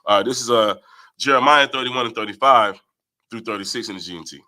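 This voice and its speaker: A man's voice: medium pitch, brisk, bright, forceful tone. A man leading a Bible study, reading verses aloud and explaining them, often asking "right?". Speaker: Bible teacher. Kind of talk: scripture study talk.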